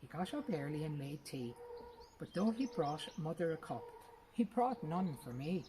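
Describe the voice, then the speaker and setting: A woman reads a short story aloud, her voice low and her telling lively and expressive. Faint birdsong sits in the background of the recording. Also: moderate pace, background noise. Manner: lively, expressive first-person narration. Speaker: reader.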